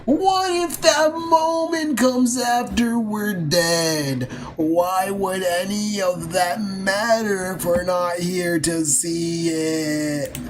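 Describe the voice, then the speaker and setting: A young man begs his brother to chase his dreams, every word stretched and strained, as a man puts him on. The voice sits a bit high and earnest, pressing and pleading. Game music plays clearly behind him. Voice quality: slow, drawn-out, strained delivery.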